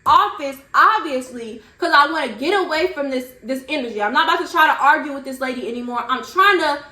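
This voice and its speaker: A young woman vlogger telling a storytime in an animated, slangy way. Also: sits high, fairly quick, roomy sound. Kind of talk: storytime vlog.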